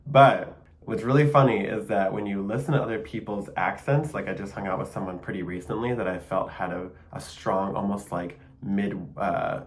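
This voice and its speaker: Chatty and enthusiastic, a young Michigan-accented podcast host talks solo at normal speed in a lowish voice. His casual delivery is full of fillers and small laughs.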